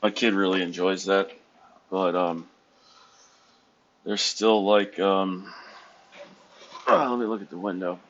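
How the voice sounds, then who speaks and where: A man's voice: low voice, fairly even intonation, takes it slowly, pauses often, a bit bright, highs cut off. A tired man from the United States talking casually in a rambling, self-correcting, wry way from a hotel room. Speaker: vlogger. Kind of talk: casual vlog monologue.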